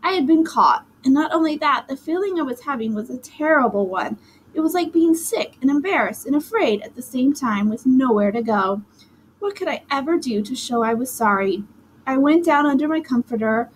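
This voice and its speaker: A woman with a fairly high voice reads a children's story aloud, telling it in the first person with lively, dramatic energy. A faint hiss sits under the recording. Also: moderate pace, low-quality recording. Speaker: audiobook narrator. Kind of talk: expressive storybook reading.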